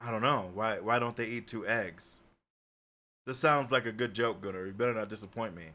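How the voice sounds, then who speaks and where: A man's voice: lowish voice, fairly quick. A young man streaming, chatting casually and swearing freely as he jokes with his viewers. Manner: joking, animated, swears freely. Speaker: livestreamer.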